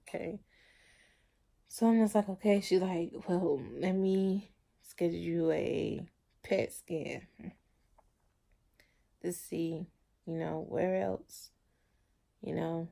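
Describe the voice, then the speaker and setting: A woman in her thirties recording a personal video diary, speaking slowly and haltingly. Her voice is mellow and dark, with a gravelly roughness running under it, and she often repeats herself as she talks. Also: fairly low pitch, steady tone. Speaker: vlogger.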